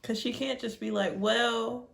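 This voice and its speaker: A woman's voice: on the high side, fairly even intonation, measured pace, creaky, a bit bright. A young woman hosting a reaction video, talking casually and exclaiming emotionally.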